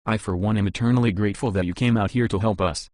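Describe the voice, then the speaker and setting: A man's voice: fairly low pitch, quick pace, a little mellow, no echo, studio quality, close to an everyday voice. A man voicing an eager, talkative male engineer.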